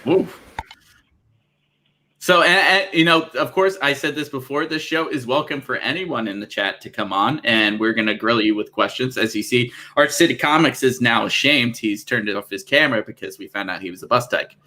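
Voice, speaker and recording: A man's voice: medium pitch, moderate pace, pushed and bright. A man hosting a casual livestream chat, joking and teasing his guests. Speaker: show host.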